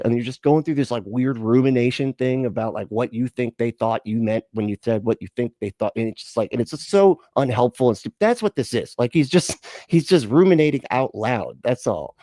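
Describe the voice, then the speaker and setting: A man's voice: mid-range voice, a little fast, mellow, no room sound, clean studio sound. A man hosting a casual reaction stream, rambling and profane, laughing often.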